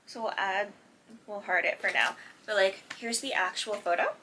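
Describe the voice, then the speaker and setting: A woman's voice: medium pitch, normal speed, sharp tone, slight background noise. A woman chatting casually about a sitcom while drawing at home, as host of a reaction video.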